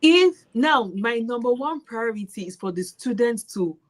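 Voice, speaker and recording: A Nigerian woman and maths teacher, telling classroom stories in an interview with lively laughter. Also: fairly high pitch, unhurried, low-quality recording. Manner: animated storyteller, laughs while retelling classroom moments. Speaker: special education maths teacher. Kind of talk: casual interview.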